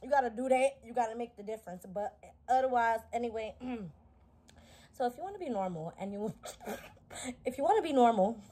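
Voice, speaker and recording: Young woman, vlogger, high voice, casual chat, profane, animated. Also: brisk, pauses often. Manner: blunt, profane, animated, jokey.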